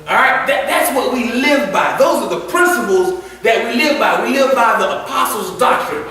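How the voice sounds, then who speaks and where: Brief: a high, bright deacon teaching Sunday school, folksy and laughing, in an echoey church. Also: male voice, expressive, normal speed. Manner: folksy, laughing, repeats himself. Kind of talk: Bible lesson. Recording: echoey church room from far off.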